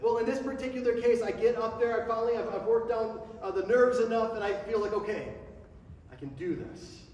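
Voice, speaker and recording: A man with a very high voice preaches a sermon to his congregation, speeding up and climbing in pitch as his passion builds. He is recorded from far off in a big, echoey sanctuary with a long reverb tail and a faint hum behind him. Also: little pitch movement, quick pace, darkish tone, muffled recording. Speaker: pastor. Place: church sanctuary before a congregation.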